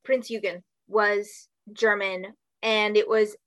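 A young woman voice actress chatting in an interview, bubbly and quick, with a lot of "like". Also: mid-range voice, little pitch movement, poor audio. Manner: bubbly, fast, heavy use of "like". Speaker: voice actress guest. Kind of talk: casual interview chat.

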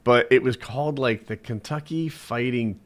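A man in a casual chat, retelling stories in a lively way. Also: medium pitch, normal speed.

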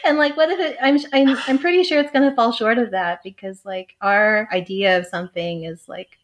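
A woman's voice: on the high side, moderate pace, a little hiss or hum. A young adult woman, a guest on a podcast, talking casually and hesitantly, full of fillers and laughs. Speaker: astrologer guest. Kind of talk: casual chat.

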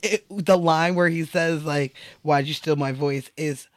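A man co-hosts a casual podcast chat in a fairly high voice. He talks in an animated, profane way and laughs a lot. The recording is dry and close. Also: a little slow, no room sound. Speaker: podcast co-host.

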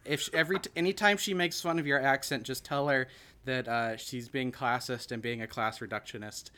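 Podcast host, man with a bright, sharp voice, loose joking delivery. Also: medium pitch, fairly even intonation, fairly quick, smooth. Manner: rambling, joking, many restarts. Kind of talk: casual chat.

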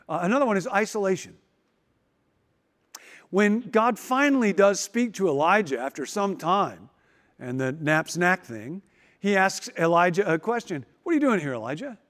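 A man preaching a sermon with wry humor and emphatic, dramatic pauses. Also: fairly high pitch, long reverb tail. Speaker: pastor.

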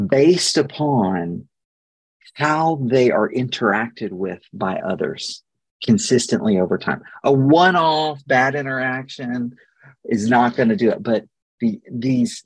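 A man's voice: mid-range voice, husky, no room sound. A man in his thirties, a guest therapist on a podcast, explaining ideas thoughtfully with many restarts and fillers.

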